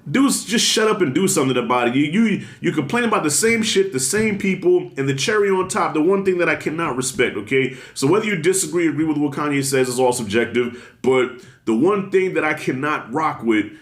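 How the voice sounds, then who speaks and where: Man, casual vlog commentary, emphatic, blunt, slangy, slightly high voice, roomy echo. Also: expressive, brisk. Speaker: commentary vlogger.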